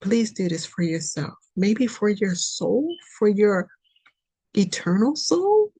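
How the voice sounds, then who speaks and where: Taking it slowly, a woman with a husky, medium-pitched voice reads on her spiritual podcast in a very animated way. She pleads and repeats, alternating between loud urging and soft near-whispers.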